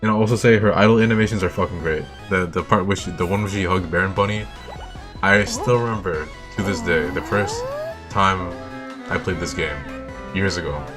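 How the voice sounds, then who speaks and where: Brief: young male host, casual rambling commentary, lowish voice, soft music behind. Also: brisk. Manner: enthusiastic, swears often, repeats himself. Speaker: video host. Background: faint game music.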